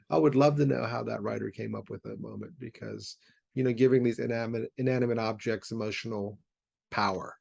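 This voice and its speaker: A man's voice: medium pitch, vocal fry, a little mellow, dry recording. A man hosting a podcast interview, giving short affirmations and thoughtful questions. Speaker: podcast host.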